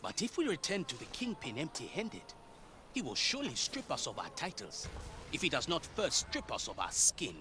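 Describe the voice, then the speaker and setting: An actor playing a scornful, menacing pirate captain in a game, theatrical and contemptuous. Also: male voice, huge pitch swings, moderate pace, music in the background. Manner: theatrical, contemptuous, booming insults.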